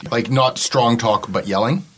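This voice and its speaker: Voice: medium pitch, unhurried, breathy edge. An interviewer asking probing follow-up questions and pressing for specifics.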